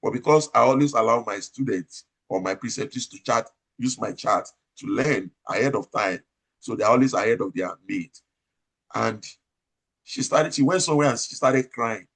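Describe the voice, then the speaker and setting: Nigerian man, nurse manager, emphatic and loud, gravelly low-mid voice. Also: moderate pace. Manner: loud, emphatic, repeats points and asks rhetorical questions. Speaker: operating room nurse manager. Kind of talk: advice talk in an interview.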